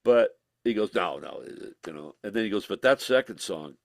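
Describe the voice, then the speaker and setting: A man telling stories as a guest in an interview, animated and laughing, slipping into voices when he quotes people. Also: lowish voice, a little fast, vocal fry, dry recording, clean studio sound. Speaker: musician guest. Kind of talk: casual storytelling interview.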